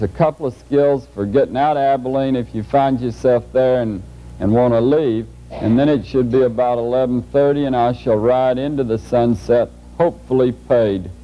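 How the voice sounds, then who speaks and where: A man's voice: medium pitch, slight background noise. A middle-aged man, giving a folksy, joking lecture to a large audience. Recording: muffled old 1981 videotape.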